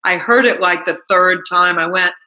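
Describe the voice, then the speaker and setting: A bright, clear-toned woman talks straight to her listeners in a motivational monologue. She keeps things chatty and animated, piling up rhetorical questions and acting out little stories. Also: on the low side, moderate pace, rough recording. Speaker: self-help talk host.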